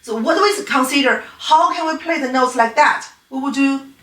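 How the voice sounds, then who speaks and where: With a high, slightly bright voice at normal speed, a female piano teacher patiently explains playing technique in an online lecture. Chinese is her first language, and her phrasing shows it. She sits far from the mic in an echoey room.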